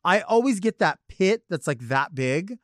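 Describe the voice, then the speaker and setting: A man hosting in drag talks in a high-ish voice that leaps all over the place. He rambles through campy, theatrical asides in comic monologue style. The sound is dry and close, with no room around it. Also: expressive, unhurried, fairly bright tone, no room sound. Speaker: podcast host in drag. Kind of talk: comic talk-show monologue.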